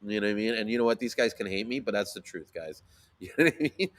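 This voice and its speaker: A man telling a story in casual chat, animated, swearing freely and using lots of fillers. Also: on the low side, quick pace. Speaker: sea moss seller.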